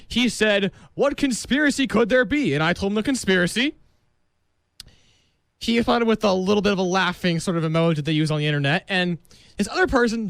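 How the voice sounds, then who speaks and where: A young man hosting a college radio show, talking in a dramatic, excitable comic monologue that bursts into shouting. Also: high voice, gravelly, no room sound. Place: radio studio.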